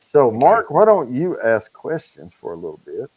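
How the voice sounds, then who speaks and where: A man chatting on a casual livestream, walking through the giveaway details at an easy clip. His voice sits in a middle pitch, relaxed and talkative. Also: moderate pace, husky, dull audio. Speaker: livestream co-host.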